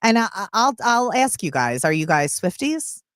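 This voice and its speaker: A woman with a Philadelphia accent hosts a casual sports radio show. Her pitch swings widely as she talks, and she laughs easily between quick asides. The sound is close and dry. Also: big pitch swings, no echo.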